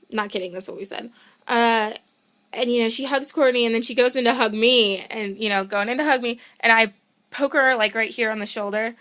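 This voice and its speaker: Excitable young woman rambling eagerly. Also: a little high, moderate pace. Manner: excitable, rambling, self-interrupting; gushing fan enthusiasm. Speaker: vlogger. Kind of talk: casual storytelling vlog.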